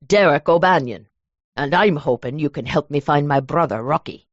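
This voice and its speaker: A woman voicing a cold, menacing Irish mobster man with a deep, low, measured voice in an audiobook. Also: dry recording, lightly acted. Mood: polite. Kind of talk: audiobook character voice. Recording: dull lo-fi dry recording.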